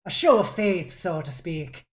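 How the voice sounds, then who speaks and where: A woman's voice: lowish voice, lively intonation, unhurried. A woman game master narrating a tabletop game, laughing often between scenes.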